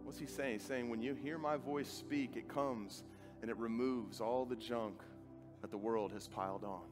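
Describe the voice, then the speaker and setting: A man preaching a sermon with an earnest, dramatic delivery, acting out quoted dialogue and dropping to a soft, quiet voice. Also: medium pitch, fairly even intonation, normal speed. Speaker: pastor. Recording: faint music behind.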